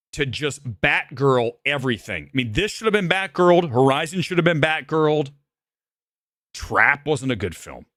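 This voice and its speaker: A man's voice: medium pitch, a bit bright, no room sound, clean studio sound. A man ranting angrily as he reviews a film live, repetitive and heated, saying he is shaking with anger. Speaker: movie reviewer.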